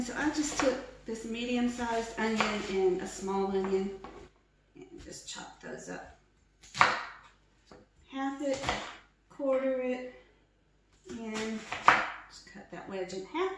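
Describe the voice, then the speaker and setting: A woman's voice: on the high side, takes it slowly, long pauses, recorded from a distance, heavy background noise. Chatty woman cooking in an echoey kitchen. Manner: chatty and self-mocking, laughs often. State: teary from chopping onions. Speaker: home cooking vlogger. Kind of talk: casual cooking demonstration. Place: home kitchen.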